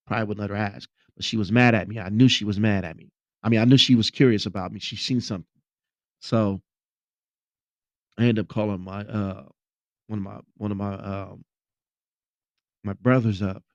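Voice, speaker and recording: A man's voice: fairly low pitch, no echo, muffled recording. A man hosting a podcast, sharing a personal testimony in an earnest, repetitive storytelling manner. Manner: earnest storytelling, repeats phrases. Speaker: podcast host.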